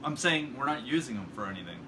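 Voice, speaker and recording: A man with a dry, teasing manner banters and jabs sarcastically while working on a car. His voice sits in a middle pitch, and garage noise comes through clearly behind him. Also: lively intonation, fast. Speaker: friend and car owner. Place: home garage. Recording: garage recording with background noise.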